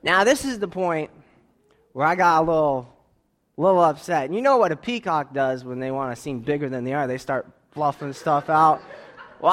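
Man, storyteller, slightly higher voice, lively and expressive, acts out the lines he quotes. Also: fairly quick. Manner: acts out dialogue, laughs while telling; expressive, swings between quiet asides and loud outbursts. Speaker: speaker telling a personal story to an audience. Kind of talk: animated storytelling.

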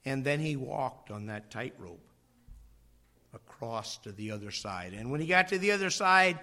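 A man preaching a sermon, slow and dramatic, dropping to a near whisper on key phrases and acting out voices in his stories. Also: mid-range voice, expressive, pushed and bright. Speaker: pastor.

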